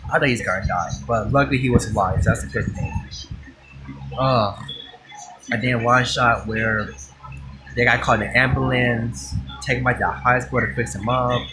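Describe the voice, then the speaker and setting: A man's voice: medium pitch, normal speed. Guy rambling thru a movie review, lots of restarts, cussing, noisy background. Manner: rambling, excited retelling with many restarts and swearing. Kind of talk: casual spoken movie review.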